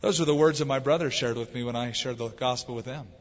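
A man's voice: medium pitch, fast talker. A man preaching a sermon as a pastor, stretching out the words he stresses. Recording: dull lo-fi with long hall reverb.

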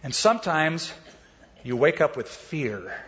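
A middle-aged male pastor giving a sermon, telling stories in a conversational way and speeding up and slowing down as he goes. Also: on the high side, sing-song, a bit bright. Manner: conversational storytelling, varies pace. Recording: dull sound with long hall reverb.

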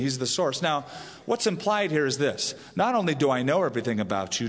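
Male pastor preaching in a reverberant hall. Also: a little high. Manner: explanatory, storytelling. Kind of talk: sermon.

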